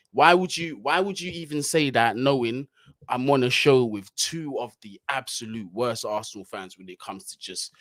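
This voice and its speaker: A man's voice: mid-range voice, dry recording. A man hosting a casual fan livestream, chatting in slang and reading out viewer comments.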